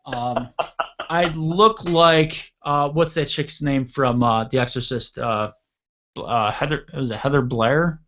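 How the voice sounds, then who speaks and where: Man in his thirties, radio host, animated storyteller, crude humor, mid-pitched voice, dull lo-fi sound. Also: slow. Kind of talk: casual storytelling chat. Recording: dull lo-fi radio show audio.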